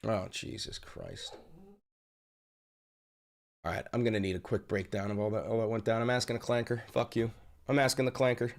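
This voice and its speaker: A male streamer reacts to the news live, his voice sitting at an ordinary middle pitch. He swings between loud, cursing rants and quiet muttering to himself. His delivery is raw and unscripted. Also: flat delivery, fast talker. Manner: swings from yelling, profane outbursts to low muttering; swears constantly. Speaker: livestream host reacting to news.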